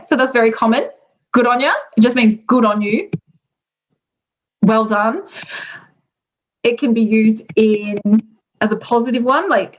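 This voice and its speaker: A woman's voice: a little high, lo-fi sound. An Australian woman casually explaining slang expressions, chatty and laughing often between words.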